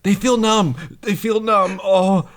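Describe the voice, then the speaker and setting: A man's voice: sits high, little pitch movement, takes it slowly, a loud crowd, voice pushed up. A man voicing a terrified, injured male sidekick who talks in shaky, panicky apologies. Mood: panicked.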